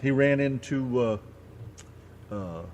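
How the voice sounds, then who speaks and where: A man's voice: medium pitch, slow pace, a little mellow, dull audio, a little hiss or hum. A man co-hosting an internet radio show in casual chat, blunt and swearing freely.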